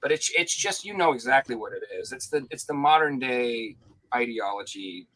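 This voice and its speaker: A man co-hosting a podcast in casual banter, animated and profane, acting out mock voices as he talks. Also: medium pitch, moderate pace, low-quality recording. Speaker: podcast co-host.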